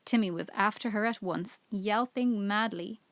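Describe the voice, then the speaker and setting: A woman's voice: mid-range voice, normal speed, dry recording. Woman reading a children's story aloud. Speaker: teacher.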